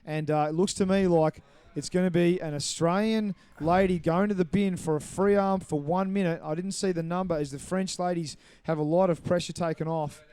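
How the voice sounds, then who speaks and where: A man giving live play-by-play commentary on a match, brisk and explanatory, walking listeners through the referee's calls. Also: high-pitched, steady tone, a little mellow, clear, resonant tone, dry recording. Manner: brisk, explanatory, apologetic over names.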